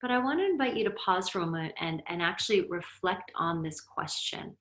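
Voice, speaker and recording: Middle-aged woman from Lebanon, therapist and yoga teacher, bright voice, gently guiding talk, roomy echo. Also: fairly low pitch, expressive, fairly quick, hardly any pauses. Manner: conversational, reflective, gently guiding. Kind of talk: teaching talk with personal stories.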